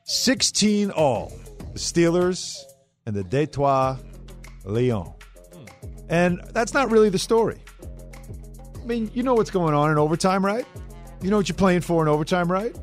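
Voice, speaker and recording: A man hosting a sports talk radio show, energetic and conversational, with his pitch swinging up and down as he talks. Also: unhurried, pauses often, faint music behind.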